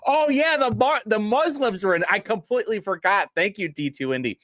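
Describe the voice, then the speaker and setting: Lively, mocking young male streamer. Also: high voice, fairly quick, no room sound, clean studio sound. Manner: mocking, rambling, laughs often. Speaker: streamer host. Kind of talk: casual live-stream commentary.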